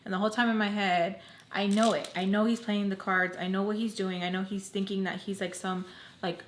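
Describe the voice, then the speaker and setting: A woman's voice: medium pitch, flat delivery, a little fast, slight background noise. A young woman telling a personal story in a casual storytime vlog, chatty and full of "like". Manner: chatty, filler-heavy with constant "like". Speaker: storytime vlogger. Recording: echoey room.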